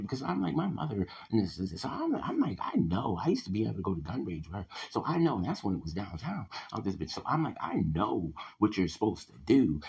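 A man ranting in a casual voice message, venting with heavy profanity and many fillers, getting loud and heated at times. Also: on the low side, gravelly, slightly rough, rough recording. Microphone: voice message recording.

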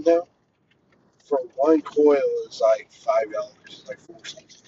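A man's voice: a little high, huge pitch swings, slow pace. A man co-hosting a casual podcast in a laid-back, teasing way, laughing often. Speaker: podcast co-host. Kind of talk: casual chat. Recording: distant lo-fi mic with clear background noise.

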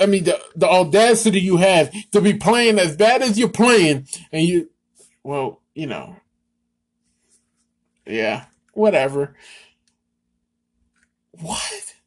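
An exasperated man hosts his own sports talk show, ranting at length with a sarcastic edge. He talks at a slow, drawn-out pace, piling on mock disbelief. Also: sits high. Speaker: sports podcast host.

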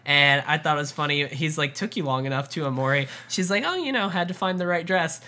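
Woman co-host, bright tone, excitable casual recap chatter, laughs a lot. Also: low-pitched. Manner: excited, quick to laugh, many fillers. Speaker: podcast co-host.

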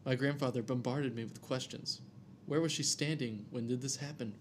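A man's voice: mid-range voice, fairly even intonation, normal speed, slight background noise. Casual man reading a scary story. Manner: reads aloud with jokey asides and stumbles over names.

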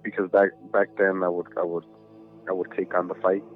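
A low-voiced podcast guest rambles through casual storytelling chat, swearing heavily and dropping many "you know"s. He speaks with a flat delivery, a little fast. It comes through a tinny, phone-like line with faint music.

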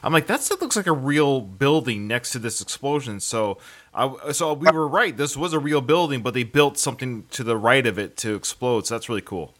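A man interviewing a guest, chatting quietly and casually. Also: mid-range voice, lively intonation, normal speed.

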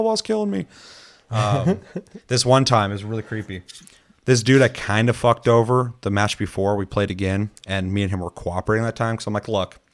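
Swearing, animated man telling game stories. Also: on the low side. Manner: animated storytelling, swears a lot, acts out quotes. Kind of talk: casual chat.

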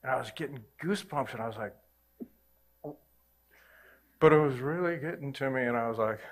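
A man's voice: mid-range voice, a little fast. A man preaching a sermon, telling his own faith story in a casual, earnest way. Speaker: pastor. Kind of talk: sermon testimony.

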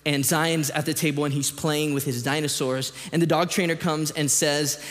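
A man, his fairly high voice ringing out with a long hall reverb. He tells stories with lively energy, then drops to a hush before building back to loud emphasis. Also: moderate pace. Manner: animated storytelling, jumps between hushed reading and loud emphasis. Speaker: pastor. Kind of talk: sermon. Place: church auditorium.

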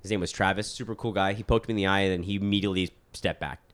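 A man's voice: deep voice, very fast. Swearing man telling stories casually. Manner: animated, swearing, acts out quotes. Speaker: podcast co-host. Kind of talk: casual comedic storytelling.

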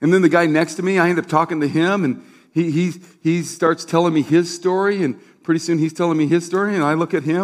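A middle-aged man preaching a sermon as a pastor, telling stories in a conversational way and asking the congregation for responses. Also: fairly high pitch. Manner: conversational storytelling with asides; asks the crowd for responses.

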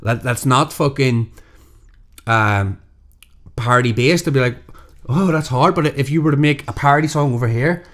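A man's voice: mid-range voice, moderate pace, a bit bright. A young man with a Northern Irish accent in casual chat, rambling, swearing and acting out what people say. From Northern Ireland. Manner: rambling, sweary, acts out quotes.

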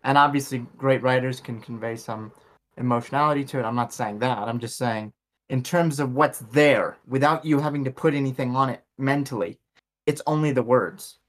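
A man's voice: medium pitch, normal speed, a bit bright. A man in casual conversation, reflective and thinking aloud as he explains an idea.

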